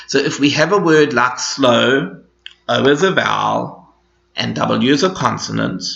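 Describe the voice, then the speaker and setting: Male teacher for a recorded grammar lesson, slow and patient, bright voice, echoey lo-fi room. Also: mid-range voice, vocal fry. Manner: slow, patient explaining with repetition. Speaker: English teacher. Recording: echoey room, dull lo-fi sound.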